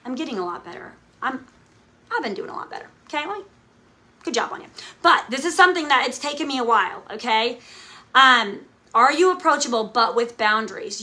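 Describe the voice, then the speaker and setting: A woman talks straight into the camera as a direct sales leader, coaching her team. Her voice sits high and sounds bright and sharp. She is emphatic and keeps checking in with "okay?" after each point. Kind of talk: motivational talk to camera. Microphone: camera mic, speaking to camera.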